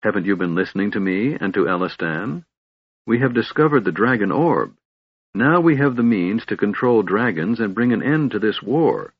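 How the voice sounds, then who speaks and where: A man's voice: lowish voice, expressive, moderate pace, slightly rough, no room sound. A man voicing a determined young elf woman, speaking in a clipped way as he holds back irritation. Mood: irritated. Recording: dull, lo-fi audiobook recording.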